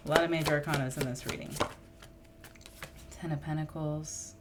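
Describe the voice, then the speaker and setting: A woman's voice: low voice, fairly even intonation, moderate pace, heavy background noise. A woman reading tarot cards in a casual, musing monologue, thinking aloud and getting emotional as she draws cards. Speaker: tarot reader.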